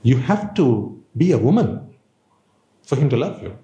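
A man's voice: medium pitch, very animated, measured pace, warm tone, reverberant, dull audio. A man giving an informal Buddhist dharma talk, conversational and playful, full of rhetorical questions. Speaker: Buddhist teacher.

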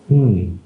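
A man's voice: mid-range voice, roomy sound, narrow, tinny audio, a little hiss or hum. A man giving an informal Buddhist dharma talk, conversational and playful, full of rhetorical questions. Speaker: Buddhist teacher.

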